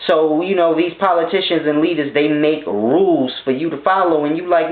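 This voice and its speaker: A man's voice: a little high, normal speed, hardly any pauses. Man, thirties, confrontational rant, scornful and blunt; tinny phone-like sound in an echoey room. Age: 30s. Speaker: vlogger. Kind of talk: profane monologue rant.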